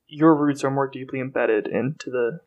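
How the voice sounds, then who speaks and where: A man from the United States, co-hosting a podcast in casual chat, quick and full of fillers and restarts. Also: medium pitch, a little mellow, highs cut off. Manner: quick, filler-heavy talk with many restarts. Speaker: podcast co-host.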